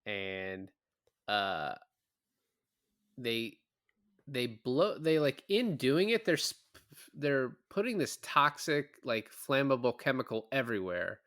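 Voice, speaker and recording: Guy on a movie podcast going over the plot, middle pitch, dry close mic, laughs a lot and does goofy high voices. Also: takes it slowly, pauses often, no room sound. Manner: animated, swears, laughs, mimics characters in a high voice. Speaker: podcast co-host. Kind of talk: casual movie recap chat.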